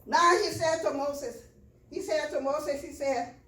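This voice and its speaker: A woman's voice: high voice, measured pace, pushed and bright, roomy sound, far from the mic, low-quality recording. A woman preaching a sermon to a church, building to fervent, repetitive calls to the congregation.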